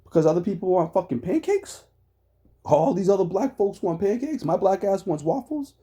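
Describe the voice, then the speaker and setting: Man, streamer reacting to a clip, ranting, profane, swinging pitch, mellow darker tone, laughs often. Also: very animated, normal speed. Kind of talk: heated reaction commentary.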